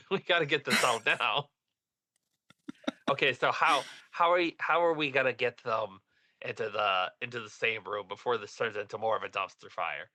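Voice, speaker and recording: A man with a very bright, forceful tone, recorded dry and close. He plays a tabletop game casually and laughs often. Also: medium pitch, normal speed, dry recording. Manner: playful, laughs a lot. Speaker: player.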